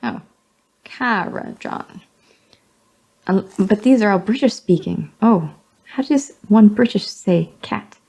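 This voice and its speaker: A woman with a husky, low-toned voice reads a magazine aloud slowly. She sounds out each word, tries it again, and corrects herself with quiet amusement. She reads as a hobby vlogger reading aloud with commentary. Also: expressive.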